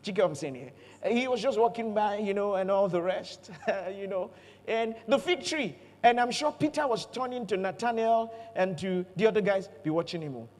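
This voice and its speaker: High-voiced pastor preaching in a hall. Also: male voice, normal speed. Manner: animated, playful storytelling with jokes and call-outs to the congregation. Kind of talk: sermon. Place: church auditorium.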